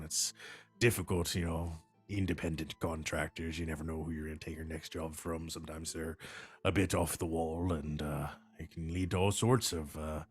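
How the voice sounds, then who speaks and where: A low-pitched man narrates a tabletop game as its game master. He rambles, filling pauses with frequent uhs and ums. Soft music plays faintly underneath. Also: slightly rough. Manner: rambling, many fillers like uh and um.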